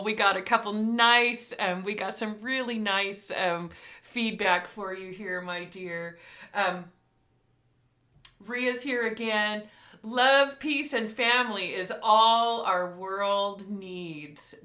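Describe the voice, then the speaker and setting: Bright-sounding lady host on a video call, effusive and emotional, gushes over her guests. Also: mid-range voice, measured pace. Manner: gushing, emotional, reads viewer comments aloud. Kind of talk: effusive live-stream hosting.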